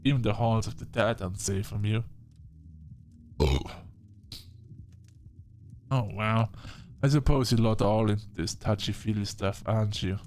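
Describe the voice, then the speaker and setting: Snooty english vampire doc, cranky and sniffy, lowish voice, a man voicing him. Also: moderate pace, pauses often, darkish tone, a little hiss or hum, lightly acted. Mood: scornful. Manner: haughty, scoffing. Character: prim aged English vampire doctor, irritable, snobbish.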